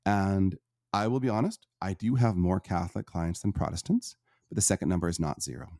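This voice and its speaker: A middle-aged man speaks with a low, mellow voice, earnest and reflective as he answers questions. The sound is dry and close, with no room around him. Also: fairly quick, no room sound. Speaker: guest, Catholic life coach for men.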